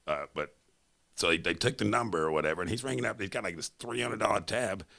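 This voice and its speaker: A man, a podcast guest, telling stories in a casual, animated way and acting out the quotes. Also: fairly low pitch, fast, vocal fry. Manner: animated, laughing storyteller who acts out quotes. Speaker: podcast guest, former strip club bouncer. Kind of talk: casual storytelling.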